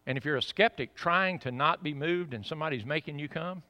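Impassioned Southern preacher, bright voice. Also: male voice, a little high, a little fast, dry recording. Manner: impassioned, rising to loud emphatic peaks then dropping to quiet asides. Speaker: pastor. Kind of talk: sermon. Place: church.

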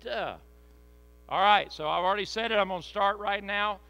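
Bright-toned preaching man over a mains hum. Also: high voice, normal speed, gravelly, low-quality recording. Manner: preaching with dramatic scripture readings. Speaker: pastor. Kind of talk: sermon.

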